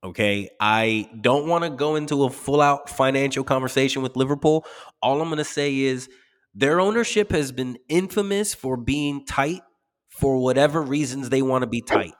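A man's voice: medium pitch, animated, normal speed, long reverb tail. A man co-hosting a casual soccer podcast, blunt and profane, laughing often. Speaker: podcast co-host. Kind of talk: casual sports podcast chat.

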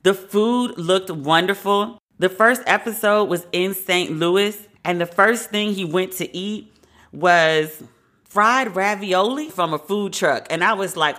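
A woman's voice: medium pitch, slow, fairly bright tone. A woman hosting a podcast, giving her frank opinions in a casual, conversational way. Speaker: podcast host.

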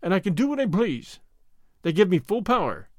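A man's voice: high-pitched, sing-song, moderate pace, no echo, studio quality. A man reading the part of an impulsive young American consul, talking in emphatic bursts. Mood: commanding.

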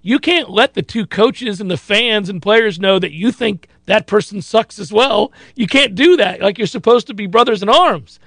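A man's voice: sits high, normal speed, vocal fry, few pauses, fairly bright tone, no room sound. A man hosting a sports talk radio show, chatting casually and acting out other people's lines.

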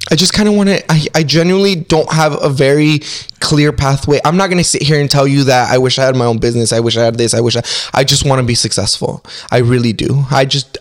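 A man talking openly and emotionally as a podcast guest, swearing often and laughing through pain. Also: a little high. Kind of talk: emotional casual podcast talk.

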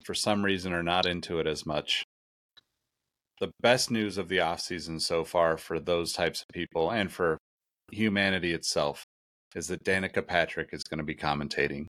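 A man with a low voice co-hosts a casual podcast. His humor is dry and sarcastic, delivered in an offhand, conversational way. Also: fairly even intonation, moderate pace, a bit bright. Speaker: podcast co-host.

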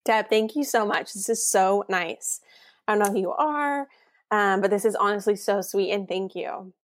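A young woman co-hosting a podcast in casual chat, teasing and quick to laugh. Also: medium pitch, no echo, studio quality. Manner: giggly, teasing. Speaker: podcast co-host.

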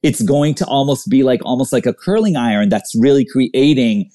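A man's voice: mid-range voice, normal speed, dark tone. A man guesting in a casual chat, rambling and searching for words as he explains. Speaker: guest hairstylist.

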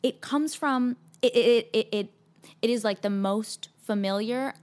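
A young adult woman chatting casually as a podcast guest, animated and full of restarts and fillers. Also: a little high, measured pace. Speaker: podcast guest, actress and author. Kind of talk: casual chat.

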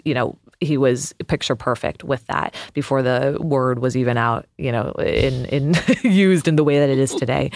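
A woman's voice: low voice, a little mellow, no room sound, studio quality. A woman therapist, a guest on a podcast, telling personal stories in a reflective, earnest way with frequent fillers. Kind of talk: casual podcast conversation.

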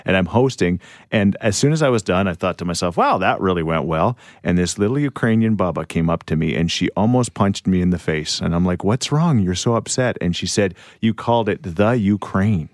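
A man's voice: low voice, lively intonation, a little fast, dry recording, studio quality. A man hosting a radio morning show, telling stories in casual chat and laughing often. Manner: chatty storyteller, laughs often.

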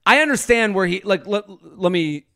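A man co-hosting a podcast, asking the guest animated, rambling questions full of restarts. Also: high voice, moderate pace, creaky. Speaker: podcast co-host. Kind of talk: casual interview chat.

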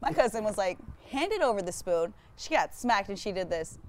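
A woman's voice: mid-range voice, sing-song, normal speed, slight background noise. A woman on a casual podcast telling a family story, swearing freely and acting out voices.

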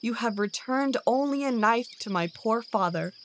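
A woman voicing a young male warrior avenger who speaks in a steady, solemn way, in a storybook tale. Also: on the high side, moderate pace, slight background noise, lightly acted. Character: young male avenger, calm, deep and powerful.

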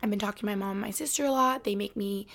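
A woman's voice: mid-range voice, very fast, creaky, fairly bright tone. A woman in her twenties from Albany, New York, hosting a casual solo podcast from her bedroom floor, chatty and rambling with lots of "like". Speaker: podcast host.

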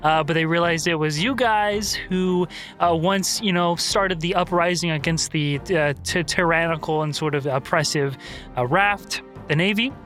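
A man's voice: fairly high pitch, normal speed, a bit bright, soft background music. Young male game master recapping the story. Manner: rambling, with many fillers.

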